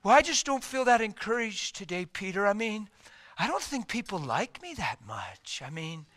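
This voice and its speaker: A downcast, self-pitying Jesus whines about feeling unappreciated, as a preacher puts him on. The voice sits high and bright, and it sulks through the complaints. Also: male voice, big pitch swings, moderate pace. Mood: mopey. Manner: whiny, sulky, downcast. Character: moping, self-pitying adult male Jesus.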